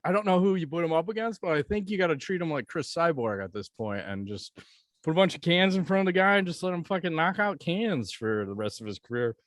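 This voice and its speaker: A man's voice: fairly high pitch, expressive, fast, no room sound, clean studio sound. A man co-hosting a podcast in casual chat, talking bluntly with plenty of swearing and jokes. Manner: blunt, profane, joking. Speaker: podcast co-host.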